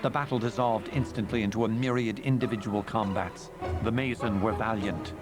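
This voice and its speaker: Low-voiced man narrating a fantasy audiobook. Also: steady tone, moderate pace, music in the background. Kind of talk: scripted narration.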